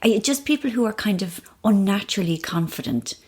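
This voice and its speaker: Husky-ish woman in her fifties, chatty and candid, thinks out loud, hotel room mic. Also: medium pitch, animated, fairly quick. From Ireland. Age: 50s. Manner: frank, self-deprecating, thinks aloud. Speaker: novelist guest. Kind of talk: candid interview conversation. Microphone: mic perched on an ironing board.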